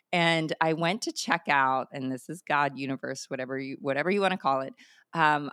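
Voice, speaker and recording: A middle-aged woman hosting a podcast, telling a personal coaching story in an energetic, emphatic way with many fillers. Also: low-pitched, dry recording, studio quality.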